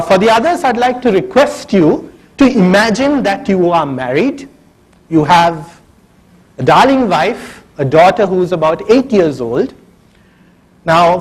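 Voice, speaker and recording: A man's voice: sits high, rough recording. Man telling a funny story onstage. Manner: humorous, addresses audience directly. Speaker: keynote speaker. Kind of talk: storytelling conference speech. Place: conference hall.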